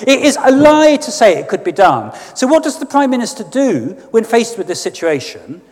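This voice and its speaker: A man delivers a sardonic, emphatic political speech. His voice sits high and swings widely in pitch. A long reverb from the church trails behind his words. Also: big pitch swings, normal speed, darkish tone. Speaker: guest speaker.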